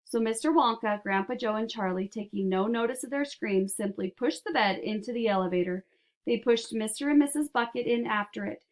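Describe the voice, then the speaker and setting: A woman narrating a children's storybook aloud in a steady, clear way. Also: a little high, a little fast.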